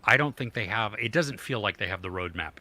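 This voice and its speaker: A man's voice: fairly low pitch, animated, fairly quick, bright, forceful tone. A middle-aged man co-hosting a podcast, talking casually and rambling with fillers and restarts. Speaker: podcast co-host. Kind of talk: casual chat.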